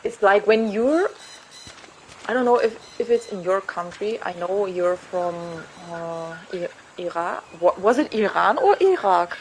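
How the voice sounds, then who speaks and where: A woman's voice: medium pitch, expressive, unhurried, a little hiss or hum, rough recording. A young woman streaming a game, chatting casually in English as a second language, rambling and searching for words as she corrects herself. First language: not English. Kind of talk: casual chat while gaming.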